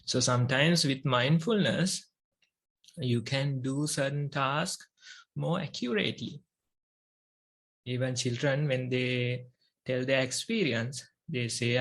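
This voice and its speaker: A Buddhist monk with a Sri Lankan accent, Sinhala his first language, giving a meditation talk in slow, measured phrases with long pauses. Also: mid-range voice, husky.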